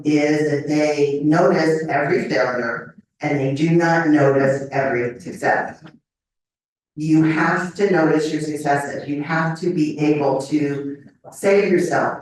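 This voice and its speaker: A woman's voice: low voice, unhurried. An older woman giving a live lecture to an audience, talking conversationally and often checking in with "okay?". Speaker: memory lecturer. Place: lecture room. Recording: echoey hall mic from a distance.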